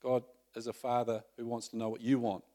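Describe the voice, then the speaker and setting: A man's voice: mid-range voice, little pitch movement, fairly quick, warm tone. A man preaching a sermon in a conversational way, often asking the congregation questions.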